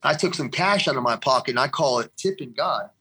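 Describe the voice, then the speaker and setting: A man talks through his story in an earnest, rambling way, circling back and repeating lines to drive them home. His voice sits at an ordinary middle pitch for a man, neither deep nor high. He speaks as a guest in a conversation, giving his testimony. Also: animated, fairly quick, pushed and bright, a little hiss or hum. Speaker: interview guest. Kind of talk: personal faith testimony in conversation.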